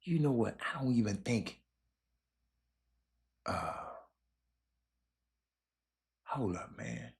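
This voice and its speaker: Rambling, animated man hosting sports talk. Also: lowish voice, takes it slowly, creaky. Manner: rambling, repeats words, animated bursts. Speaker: show host.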